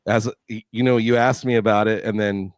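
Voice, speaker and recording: A man from Florida chatting as a podcast guest, telling stories with lively quoted voices. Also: on the low side, a little fast, no echo, studio quality. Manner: animated storyteller, acts out quoted voices. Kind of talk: casual chat.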